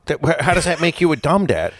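A man co-hosting a casual podcast, teasing his partner with deadpan jabs. His pitch moves a lot within a sentence, and his dry voice sits close to the mic. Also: fast talker, dry recording. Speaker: podcast co-host. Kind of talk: casual chat.

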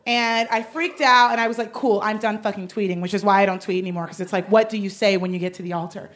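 A young adult woman host telling a rambling comic story, excitable and laughing through it. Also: medium pitch, fast talker, a little hiss or hum. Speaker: podcast host. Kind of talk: comedic storytelling.

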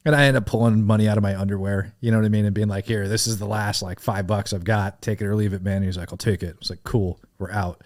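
A middle-aged man telling a wild story in casual podcast chat, animated and profane, laughing as he goes. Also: on the low side, fast talker, few pauses. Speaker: podcast guest.

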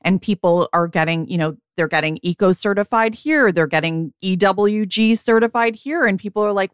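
Chatty woman with a smooth, dry voice. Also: medium pitch, moderate pace, hardly any pauses, dry recording. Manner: chatty, animated, quotes herself in asides. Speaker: podcast co-host, beauty editor. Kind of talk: casual chat.

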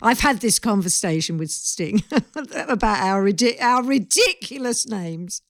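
A woman hosting a chat show, chatty and quick to laugh. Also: mid-range voice, expressive, dry recording, studio quality. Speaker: host. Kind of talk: casual chat.

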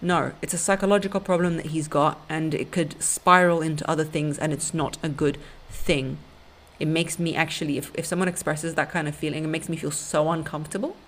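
Woman, podcast host, low voice, blunt, sassy, casual advice. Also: fairly even intonation, a little fast. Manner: blunt, sassy, calls listeners honey and baby.

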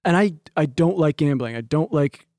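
A man on a podcast talks in casual chat, wandering through stories and swearing as he goes. His voice sits fairly high with a mellow tone, and the dry studio sound keeps it close. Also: animated, moderate pace, no room sound. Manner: rambling storyteller, swears freely. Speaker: podcast co-host.

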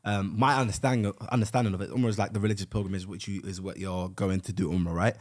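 Emotional lad telling a story. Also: male voice, low voice, fast talker. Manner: animated, emotional storyteller, slangy. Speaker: podcast co-host. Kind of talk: casual chat, storytelling.

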